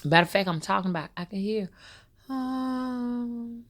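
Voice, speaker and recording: A woman's voice: a little high, a little slow. A woman tells a rambling, personal story straight to her viewers. She talks casually and keeps calling out to her audience as a spiritual rootworker. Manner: loose, storytelling, addresses viewers as y'all. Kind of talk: casual spoken monologue to viewers.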